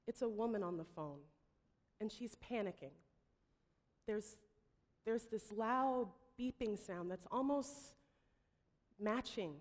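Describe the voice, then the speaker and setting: A woman's voice: mid-range voice, takes it slowly, long pauses, a little mellow. Woman telling a story in a hall. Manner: dramatic storytelling, acting out quoted voices. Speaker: startup founder pitching. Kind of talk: pitch speech storytelling. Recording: long hall reverb.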